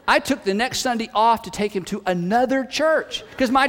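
Animated high-voiced man preaching in a hall. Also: normal speed. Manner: animated, conversational, self-deprecating humor. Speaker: pastor. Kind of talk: sermon.

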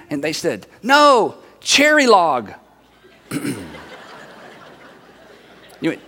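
Male pastor, high voice, animated sermon storyteller, reverberant sanctuary. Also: normal speed, long pauses.

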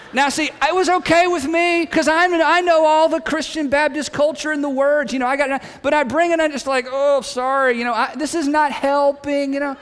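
Male pastor, high voice, chatty and self-deprecating, recorded in a reverberant auditorium. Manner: animated, conversational, self-deprecating humor. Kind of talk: sermon.

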